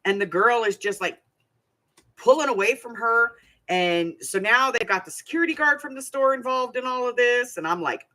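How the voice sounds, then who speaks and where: A woman's voice: on the high side, lively intonation, normal speed, pushed and bright. An older woman hosting a craft channel, telling a rambling, chatty story with many asides. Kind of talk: casual storytelling vlog.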